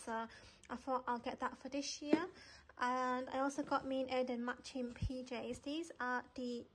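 A woman's voice: sits high, slight background noise. A woman vlogging in casual, rambling chat, slightly out of breath, with lots of fillers and restarts. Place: shops and home, indoors.

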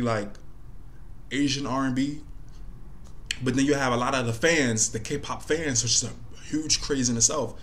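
A man gives casual commentary straight to the camera. He talks in a loose, wandering way, full of "like" and "you know". A faint hiss sits under his voice. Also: mid-range voice. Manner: conversational, loose, thinking aloud with many fillers. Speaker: commentary host.

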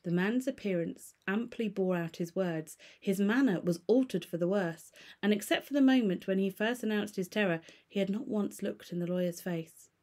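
Mellow-voiced woman reading to a class. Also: mid-range voice. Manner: steady, measured reading with small stumbles. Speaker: teacher. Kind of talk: reading a novel aloud to a class.

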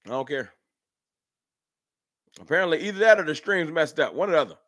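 Man, livestream host, animated and slangy, higher voice, dry close sound. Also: fairly quick, no room sound. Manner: animated, slangy, talks to chat by name. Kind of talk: casual fan livestream talk. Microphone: streaming setup.

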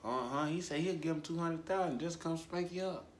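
A man giving casual reaction commentary, drawling and repeating himself, his voice jumping high for emphasis. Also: brisk, roomy sound, a little hiss or hum. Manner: animated, drawling, repetitive, voice jumps high for emphasis. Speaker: commentary host.

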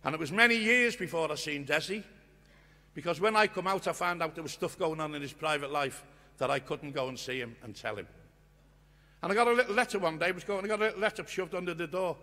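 An older man giving an impassioned storytelling speech at a union conference, earnest and swinging from hushed to loud. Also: a little high, fast. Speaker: guest speaker at a union conference. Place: conference hall. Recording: long reverb of a conference hall.

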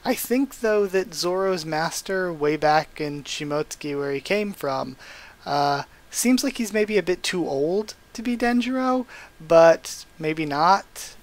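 A man's voice: fairly high pitch, expressive, slow. A young man talking casually as a YouTuber about a comic chapter he just read, rambling, correcting himself and getting enthusiastic. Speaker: YouTuber reviewing a manga chapter. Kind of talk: casual fan commentary.

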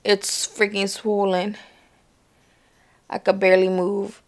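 A woman's voice: mid-range voice, level tone, slow. A young woman vlogging to camera from home, talking casually in slang and swearing bluntly, worn out and in pain after surgery.

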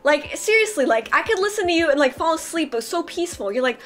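Bubbly high-voiced woman streamer. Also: fast talker, few pauses. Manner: excitable and loud, laughs and shrieks a lot. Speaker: streamer hosting a podcast. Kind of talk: casual chat on a live stream.

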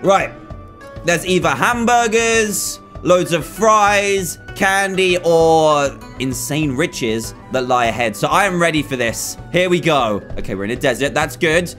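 A young man giving playful, excitable gameplay commentary, often exclaiming as he plays. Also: a little high, a little slow, faint music behind. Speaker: gaming video host.

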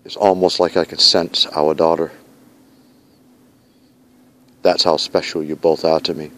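With a very deep, slightly bright voice, a man delivers a flat-toned message at normal speed. He's a vlogger filming outdoors in a snowy park at night, earnestly pleading with his fiancée and repeating lines like vows.

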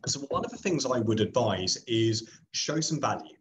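A man with a slightly hoarse voice, losing it a bit, gives an encouraging career webinar over a video call. He repeats himself often, with many fillers and restarts. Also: medium pitch, lively intonation, normal speed, a little hiss or hum. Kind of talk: presenting to a webinar audience.

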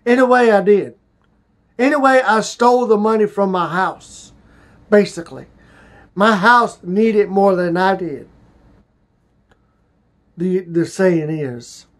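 Vlogger, male, high voice, slow, emotional halting delivery, confessional. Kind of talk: personal confessional vlog.

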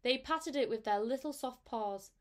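A woman teacher reading a storybook aloud to her class in a gentle, unhurried way. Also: high-pitched.

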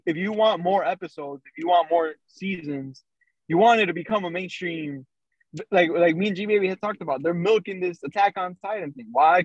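A man's voice: high voice, no echo, dull audio. A man co-hosting a podcast, telling a story in a loose, casual way with lots of fillers over a remote call. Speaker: podcast co-host. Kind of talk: casual chat.

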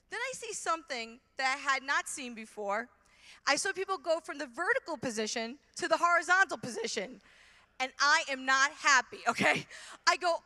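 Brief: middle-aged New York woman, high bright voice, lively storyteller, conference stage. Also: normal speed. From Brooklyn, New York. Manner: animated storyteller acting out her own reactions. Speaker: conference speaker. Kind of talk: testimony talk. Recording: hall reverb from a large venue.

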